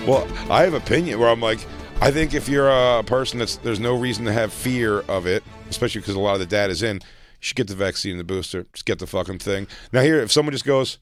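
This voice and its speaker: A man's voice: lowish voice, fast, soft background music. A man co-hosting a podcast in casual chat, rambling with many restarts and some swearing. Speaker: podcast co-host.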